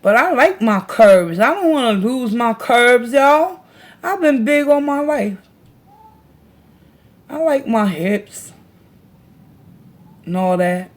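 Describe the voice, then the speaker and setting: A woman's voice: a little high, expressive, slow pace, long pauses. A woman hosting a casual livestream, chatting with viewers in a slangy, laughing way and reading their comments aloud. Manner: slangy, laughs a lot, talks to chat. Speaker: tarot reader and livestream host.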